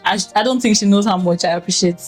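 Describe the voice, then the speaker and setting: A woman co-hosting a podcast in casual chat, expressive and sentimental, talking a lot and animatedly acting out the people she quotes. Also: mid-range voice, quick pace, soft background music. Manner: animated, acts out others' voices in quotes. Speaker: podcast co-host.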